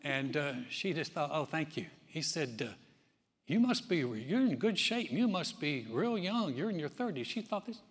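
A man's voice: fairly high pitch, sing-song, normal speed. Man preaching in a reverberant church. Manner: conversational storytelling with many restarts. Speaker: pastor. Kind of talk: sermon. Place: church sanctuary. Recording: long reverb of a church hall.

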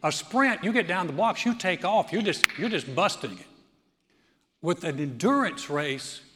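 A man's voice: sits high, moderate pace, background noise. A man in his sixties preaching a sermon, telling stories with laughs and frequent restarts. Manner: animated storytelling with laughs and restarts. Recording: long hall reverb.

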